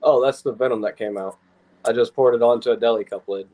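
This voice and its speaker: A man's voice: mid-range voice, fairly even intonation, quick pace, mellow. A man chatting casually on a live stream in an offhand, matter-of-fact way.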